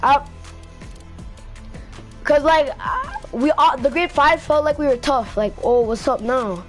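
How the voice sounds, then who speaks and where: Unhurried and animated, a woman with a high voice shares a casual storytime over faint background music. Her mic sits close to her face, and she rambles, repeats herself, and keeps asking "right?"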